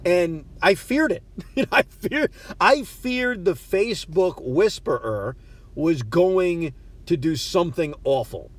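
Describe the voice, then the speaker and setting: This podcast host speaks slowly but animatedly in a high-pitched voice, recorded with no echo while sitting in a parked car. His storytelling is relaxed and self-deprecating, and he frequently stammers and restarts.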